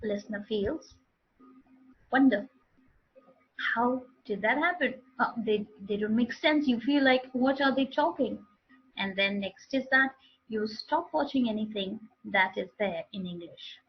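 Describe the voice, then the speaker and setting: A woman's voice: mid-range voice, a little slow, long pauses, breathy edge, highs cut off. A woman teaching a live online English speaking class, explaining with repeated and restarted phrases.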